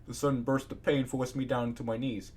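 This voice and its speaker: A man reading fan fiction aloud in a casual, expressive way, breaking off into ranting asides. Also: medium pitch, brisk. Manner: expressive, swings between narration and ranting asides.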